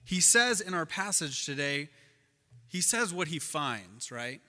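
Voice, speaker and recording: A man delivers a sermon in a church, his bright, forward voice rising and dropping as he tells a story. The sound carries a long, echoing reverb from the hall. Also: a little high, a little slow. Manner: animated storyteller, shifts loud and soft. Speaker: pastor.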